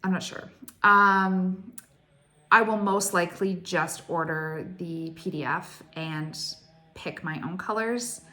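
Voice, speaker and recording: Excitable woman vlogger. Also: on the low side, slow pace. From Canada. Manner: excitable, gushing, heavy use of "like". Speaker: cross stitch vlogger. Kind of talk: casual chatty storytelling.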